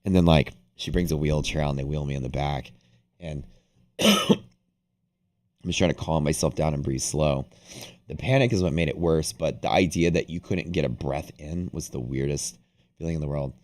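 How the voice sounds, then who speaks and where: Casual streamer host, young man, very deep voice, loose rambling storyteller. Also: normal speed. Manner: rambling, animated, heavy use of "like". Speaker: day-trading livestream host. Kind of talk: casual storytelling to a live audience.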